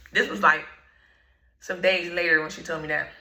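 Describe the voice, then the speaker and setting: A woman telling a personal story in slangy, laid-back storytime talk, often clearing her throat. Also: fairly low pitch, fairly even intonation, unhurried, sharp tone, echoey room, poor audio. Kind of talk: casual storytime.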